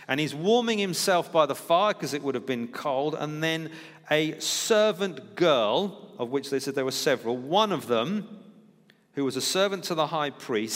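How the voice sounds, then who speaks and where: A man's voice: fairly high pitch, expressive, a little slow, fairly bright tone. Man preaching in a reverberant hall. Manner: conversational teaching, acts out quoted lines. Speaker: pastor. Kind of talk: sermon.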